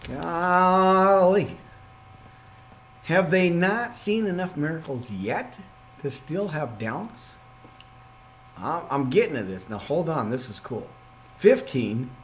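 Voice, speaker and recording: A man leading an informal Bible study podcast, reading scripture aloud and breaking off into excitable, jokey asides. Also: medium pitch, unhurried, slight background noise, low-quality recording. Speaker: podcast preacher.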